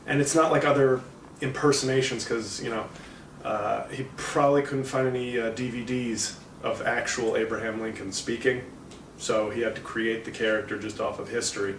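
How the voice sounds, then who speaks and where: A man's voice: medium pitch, fairly even intonation, normal speed. A male comedian giving a casual, rambling movie review, full of fillers and self-corrections. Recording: roomy, distant mic, faint background noise.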